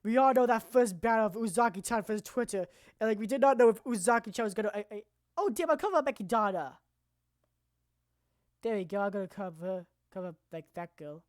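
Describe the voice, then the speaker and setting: A woman streamer presenting anime awards in casual, rambling, profane commentary that now and then bursts into loud shouting. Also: medium pitch, brisk, no room sound, clean studio sound.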